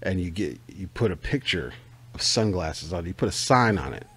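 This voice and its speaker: Profane, rowdy American podcast host. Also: male voice, deep voice, sing-song, normal speed, a bit bright, breathy edge. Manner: profane, riffing, mock-salesman energy. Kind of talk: casual comedic podcast chat.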